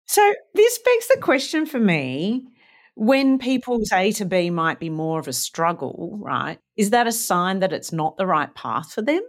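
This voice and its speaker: Expressive woman co-host asking questions. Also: mid-range voice, a little slow. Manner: curious questioner, laughs easily. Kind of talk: casual interview talk.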